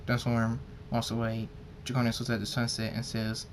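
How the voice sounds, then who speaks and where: A man reading his fan fiction aloud, halting with frequent slips and restarts. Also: on the low side, completely flat delivery, background noise.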